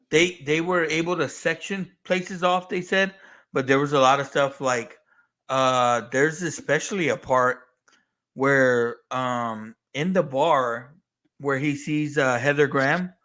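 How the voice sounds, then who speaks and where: Man, podcast co-host, casual movie chat, profane, slow, slightly high voice. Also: a bit bright. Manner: profane, laughs often, loose rambling.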